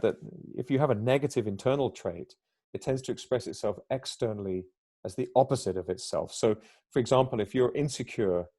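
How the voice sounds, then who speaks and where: Podcast guest, male, mellow dark tone, reflective explainer. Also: mid-range voice. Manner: reflective, explains ideas at length, acts out little quoted exchanges. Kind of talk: conversational podcast talk.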